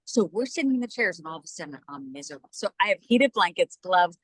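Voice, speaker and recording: A woman from New Jersey, a news journalist and podcast guest, telling stories in a casual chat and acting out the quotes with lively voices. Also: lowish voice, fast talker, dry recording, poor audio. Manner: animated, acts out quoted dialogue in lively voices.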